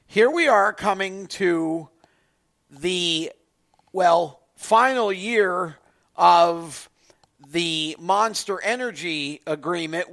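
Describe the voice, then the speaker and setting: A man co-hosting a sports radio show in a studio, giving slow, emphatic opinions. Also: high-pitched, a bit bright. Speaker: radio co-host.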